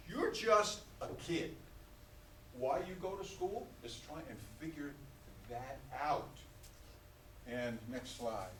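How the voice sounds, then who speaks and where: Animated older New York man, echoey hall. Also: medium pitch, far from the mic, a little hiss or hum. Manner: animated, joking, asks the audience to call back. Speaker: guest speaker at a school graduation. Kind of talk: motivational talk to students. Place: school hall.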